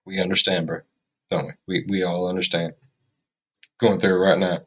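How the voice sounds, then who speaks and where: A man's voice: low voice, flat delivery, moderate pace, a bit bright, a little hiss or hum. A man hosting a reaction video, talking in a casual, rambling way. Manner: rambling and chatty.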